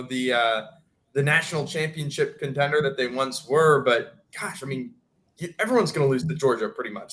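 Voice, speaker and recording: A man talking casually on a sports betting podcast, in a voice sitting a little above the usual male range. He lays out his football analysis in a measured, thoughtful way, cushioning points with little hedges. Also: fairly high pitch, fairly bright tone. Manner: measured, analytical, hedging with "I mean".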